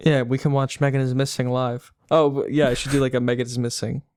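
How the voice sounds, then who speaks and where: A man's voice: mid-range voice, flat delivery, fast talker, darkish tone, smooth, no echo. A man co-hosting a podcast, chatting casually in an easygoing way with short replies. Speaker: podcast co-host. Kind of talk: casual chat.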